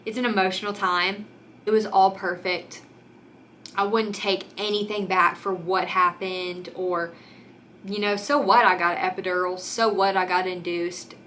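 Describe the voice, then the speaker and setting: A woman's voice: mid-range voice, fairly even intonation, a little slow, a bit bright, slight background noise. A young woman vlogger talking candidly to the camera in a casual, chatty way, full of "like" and "um", close to tears at times. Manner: candid and chatty, many fillers like "like" and "um".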